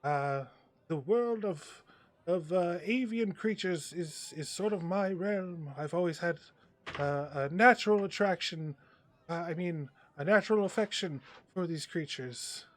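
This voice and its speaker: A man's voice: high voice, a little slow, no room sound, voice pushed up. A man voicing a male circus bird performer who addresses a crowd in grand but faltering showman patter. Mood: showy.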